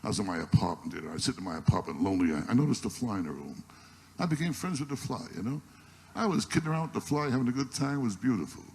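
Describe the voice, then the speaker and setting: A man's voice: medium pitch, lively intonation, rapid-fire, vocal fry, darkish tone. A man doing a stand-up comedy set on stage, firing off one-liners in an exasperated, complaining way. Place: live stage before an audience. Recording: noisy archival live recording.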